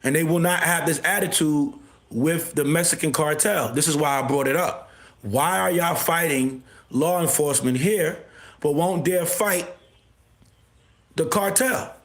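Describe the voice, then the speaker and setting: A man hosting a livestream, delivering a repetitive, confrontational rant with bursts of shouting. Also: fairly high pitch, a little slow. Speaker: livestream host. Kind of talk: ranting livestream monologue. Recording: echoey room.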